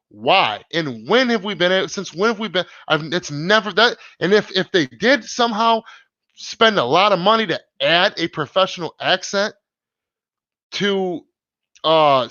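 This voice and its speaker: A man hosting a live stream, chatting casually in an excited, rambling, slangy way with many restarts. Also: high voice, no room sound, dull audio.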